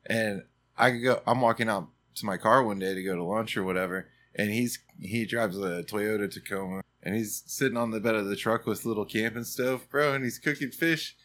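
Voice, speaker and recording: A lower-pitched man spinning a loose, profane anecdote for friends on a casual podcast. He piles on fillers and keeps the tone easy. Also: moderate pace, a bit bright. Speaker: podcast co-host. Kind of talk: casual storytelling.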